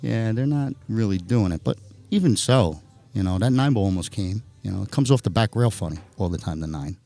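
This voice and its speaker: Joking New Jersey-accented pool commentator. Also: male voice, lowish voice, fairly quick, creaky, soft background music. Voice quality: animated, jokey, chatty. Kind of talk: live sports commentary.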